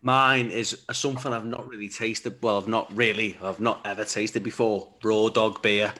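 A man's voice: lowish voice, fairly even intonation, normal speed, sharp tone. A man, a podcast co-host who teases his friends and laughs through sweary, casual banter.

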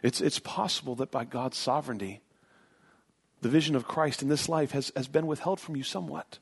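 A man's voice: medium pitch, fairly quick, creaky, husky. An earnest male pastor delivering a sermon from the pulpit. He talks in an emphatic way, circling back over phrases to drive a point home. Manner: earnest, emphatic preaching with repetitions.

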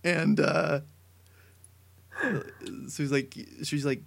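A young man co-hosting a casual podcast, telling a long story with many fillers that builds to excited shouting. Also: a little high, moderate pace. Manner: rambling tall tale, building to excited shouting. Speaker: podcast co-host.

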